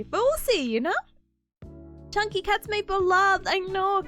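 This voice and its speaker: Bubbly, high-voiced young woman streamer, giggly and animated. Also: faint music behind. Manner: bubbly, giggly, gushing, quick to laugh. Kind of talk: casual study stream chat.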